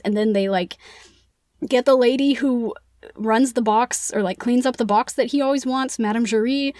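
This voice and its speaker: A woman's voice: fairly high pitch, steady tone, moderate pace, a little mellow, dry recording, studio quality. A woman co-hosting a casual book-club podcast, retelling a plot in a chatty, playful way with lots of "like". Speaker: podcast co-host.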